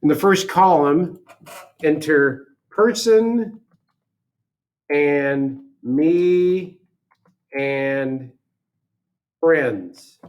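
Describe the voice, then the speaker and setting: A man teaching a software lesson, talking through each step aloud in a casual way and correcting himself as he goes. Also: a little high, extremely slow, long pauses. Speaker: instructor. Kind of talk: screen-recorded software tutorial.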